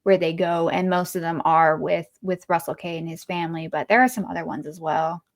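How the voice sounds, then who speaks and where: A woman's voice: fairly low pitch, fairly even intonation, a little fast. A woman co-hosting a podcast, chatting casually about a movie, rambling with fillers and restarts. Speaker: podcast co-host.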